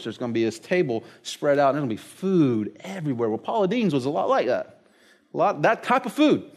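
Animated male pastor preaching. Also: sits high. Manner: storytelling, animated, conversational preaching. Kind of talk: sermon.

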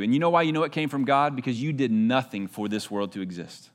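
A man's voice: mid-range voice, quick pace, few pauses. A man preaching a sermon to a congregation, speaking in a conversational way and asking the listeners rhetorical questions. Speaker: pastor. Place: church in front of a congregation.

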